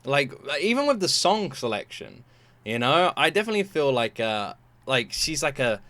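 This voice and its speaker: A man's voice: medium pitch, big pitch swings, moderate pace, pushed and bright, dry recording. A young British man hosting a reaction video, gushing and exclamatory, often breaking into laughter. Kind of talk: casual reaction commentary.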